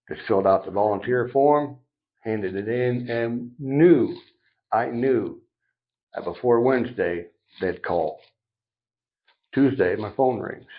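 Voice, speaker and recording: A middle-aged man on a podcast telling a personal recovery story, animated and acting out each side of the dialogue. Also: lowish voice. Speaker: podcast guest. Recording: dull lo-fi sound.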